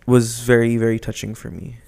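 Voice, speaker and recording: A man's voice: medium pitch, little pitch movement, fairly quick, gravelly, darkish tone. A young man co-hosting a casual chat, rambling with lots of fillers and joking about himself. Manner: rambling, filler-heavy, self-deprecating. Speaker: podcast co-host, newlywed husband.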